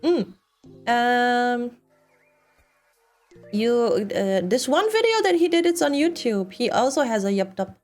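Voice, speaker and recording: A woman's voice: a little high, sing-song, slow pace, pauses often, faint music behind. A young woman streamer with a non-native English accent, chatting casually and laughing often while she builds a model kit. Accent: non-native English speaker.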